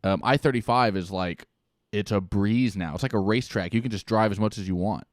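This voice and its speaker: A man co-hosting a podcast, rambling in deadpan ironic banter and laughing often. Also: on the low side, fairly quick, no echo, clean studio sound. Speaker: podcast co-host.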